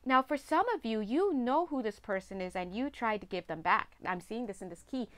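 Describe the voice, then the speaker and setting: A woman's voice: a little high, expressive, moderate pace. A woman giving a chatty, casual tarot reading, laughing often. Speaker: tarot reader.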